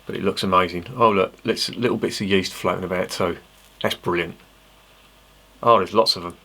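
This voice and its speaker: A man's voice: low voice, steady tone, moderate pace, creaky, pushed and bright. An English man reviewing a beer on camera in a casual, rambling way, swearing freely and making self-mocking asides. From England.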